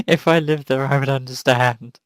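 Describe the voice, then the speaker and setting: A woman's voice: very deep voice, dry recording. A woman co-hosting a podcast in casual chat, giggly and playful with dry remarks. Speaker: podcast co-host.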